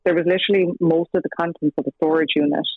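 In a casual interview by phone, an Irish guest who was once the subject's partner tells her story at a quick pace in a low, steady voice. She's chatty, dramatizing quoted dialogue and laughing between lines. The phone line is dry and tinny, with no echo.

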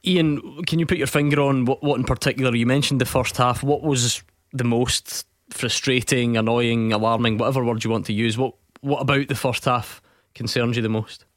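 A man's voice: mid-range voice, steady tone, moderate pace, no echo. A man hosting a radio football phone-in, asking probing questions from the studio.

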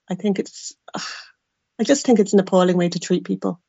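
A woman's voice: mid-range voice, fairly even intonation, normal speed, darkish tone, dry recording, muffled recording. An Irish woman giving a radio interview, speaking frankly and with exasperation, with wry asides. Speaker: interview guest, adopted person.

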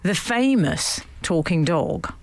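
Lively, giggly woman radio host. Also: on the low side, takes it slowly, creaky. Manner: playful, giggly storytelling. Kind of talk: casual radio chat. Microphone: studio microphone.

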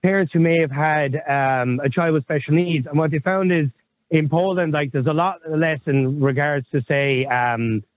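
A man's voice: fairly high pitch, normal speed. Man on a tinny line. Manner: rambling, candid, swears casually. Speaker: podcast co-host. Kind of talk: casual chat.

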